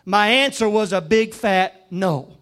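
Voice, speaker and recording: A man preaching a sermon, moving between conversational storytelling and shouted emphasis. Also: high-pitched, lively intonation, a little slow.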